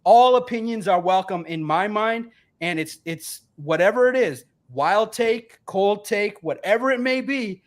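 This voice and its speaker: A man, a regular guest on a sports talk show, arguing loudly and emphatically with mocking repetition. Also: high voice, animated, measured pace, hardly any pauses. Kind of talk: heated sports debate.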